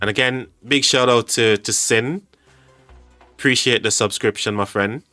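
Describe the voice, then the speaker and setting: A man hosting a live game stream, chatting with viewers in an excitable, stammering way and thanking them often. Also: medium pitch, unhurried, no echo, faint music behind. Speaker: game livestream host.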